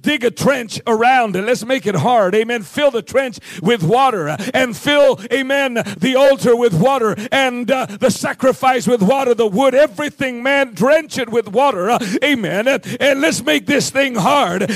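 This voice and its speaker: A male pastor preaching a sermon, dropping amens and hallelujahs between lines and rising into shouted calls. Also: very high-pitched, measured pace, no room sound.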